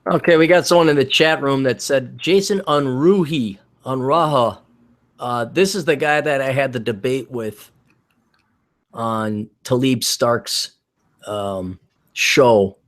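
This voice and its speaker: Livestream host, man, rambling, reads the chat out, medium pitch. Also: a little slow, fairly bright tone.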